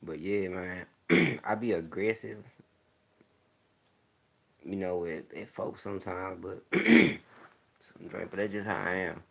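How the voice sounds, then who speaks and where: A man talking candidly in a laid-back, rambling monologue, clearing his throat often. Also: sits low, expressive, takes it slowly, long pauses, a bit bright. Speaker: vlogger. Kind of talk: casual monologue to camera. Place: home, smoking while talking.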